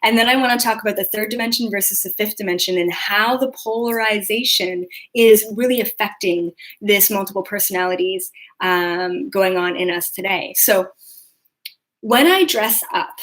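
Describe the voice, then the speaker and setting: Speaking at a moderate pace in a medium-pitched, fairly bright voice, a young woman hosts a spiritual live video for her podcast. Her style is casual and filler-heavy, and she dramatizes her thoughts in quotes.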